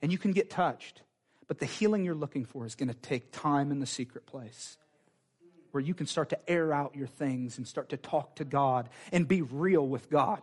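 A man preaching a sermon in a fervent, conversational way, with quick asides to the congregation. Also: fairly high pitch, darkish tone, slightly rough.

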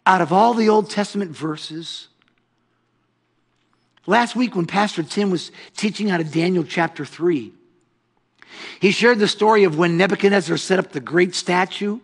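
A male pastor delivering a sermon, reading scripture and dramatically stretching key phrases before dropping to a hushed tone. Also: high-pitched, normal speed, long pauses.

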